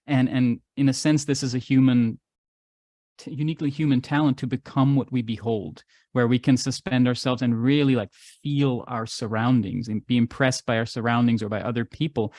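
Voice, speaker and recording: A man's voice: mid-range voice, steady tone, moderate pace, a little mellow, dry recording. Male artist-guest who tells long, musing stories in a dry, close recording. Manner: expansive, philosophical storytelling. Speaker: regular podcast guest, artist and musician. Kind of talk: casual conversation.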